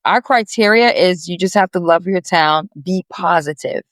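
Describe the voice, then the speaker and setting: A woman guest on a business podcast chats in a friendly, rambling way, restarting her sentences often. Her voice is lowish and her pace moderate, in a dry recording.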